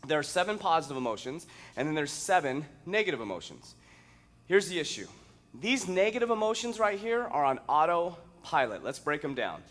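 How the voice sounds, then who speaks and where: A fitness coach gives a motivational talk. He is a man with a fairly high voice, and he sounds emphatic and full of energy. He stretches words out playfully and sometimes bursts out loudly. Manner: energetic and emphatic, with sudden loud outbursts; drawn-out, playful stresses on single words.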